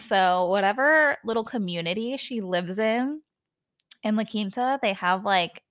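A woman talks through a reality show episode on her solo podcast. Her delivery is loose and gossipy, full of "like" and quick laughs. Her pitch sits in an ordinary middle range. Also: fairly bright tone. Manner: chatty, laughs often, lots of "like". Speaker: podcast host. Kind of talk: casual solo TV recap chat.

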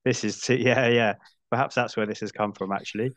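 A man's voice: medium pitch, steady tone, brisk. A man in his forties hosting a podcast, chatting casually about films with frequent restarts and dry asides. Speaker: podcast host. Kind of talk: casual film discussion.

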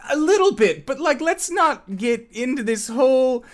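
A man's voice: very high-pitched, very animated, moderate pace, pitched above the performer's own voice. An upbeat, showy male tiefling camp manager, as a man puts him on in a tabletop game. His voice jumps well above the narrator's own and plays to a crowd of kids. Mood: evasive.

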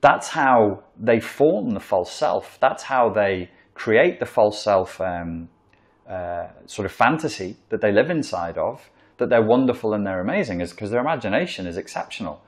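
A man's voice: lowish voice, lively intonation, moderate pace. A man giving a casual, rambling talk that explains a psychological topic, with emphatic asides and acted-out examples. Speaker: commentator explaining narcissism.

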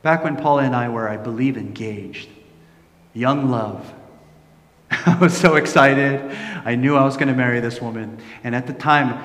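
Animated preaching man in an echoey hall. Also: medium pitch, moderate pace. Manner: animated storytelling, acting out quoted voices; drops to a soft, hushed tone for reflective points. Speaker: pastor. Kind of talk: sermon. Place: large church hall. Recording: echoey hall with long reverb.

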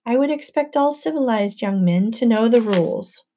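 A woman reads the part of a sneering man who runs a summer camp, impatient and mocking. He talks down to everyone in a mellow, warm tone, with a bit of added lift. It is a storybook audiobook read. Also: on the high side, lively intonation, normal speed, slight background noise, voice pushed up, natural voice. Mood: scornful. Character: impatient, scornful male camp director. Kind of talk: audiobook narration.

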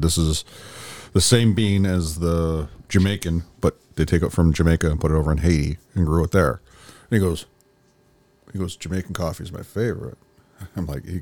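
A man's voice: darkish tone, dry recording. A man co-hosting a casual chat, rambling through stories and acting out other people's lines in a raised voice. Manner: rambling storyteller, acts out quotes in a high voice. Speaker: podcast co-host.

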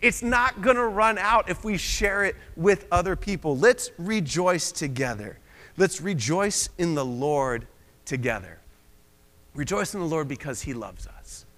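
A young man from Pennsylvania preaches as a guest in a church sanctuary, mixing casual asides and gentle self-mocking humor into his sermon. His voice sits a little higher than most men's, and the big room lets each phrase ring out in a long reverb. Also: animated, a little slow. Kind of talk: conversational sermon. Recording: long reverb of a large hall.

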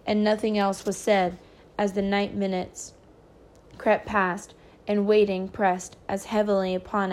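A woman reading a novel chapter aloud, pausing for casual, chatty recaps with small stumbles. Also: medium pitch, darkish tone. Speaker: reader.

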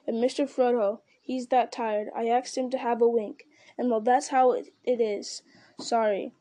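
A woman voicing a loyal, plain-spoken male servant, homely and protective, a little gruff, in an audiobook reading. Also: on the high side, steady tone, normal speed, warm tone, close to an everyday voice. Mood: grudging.

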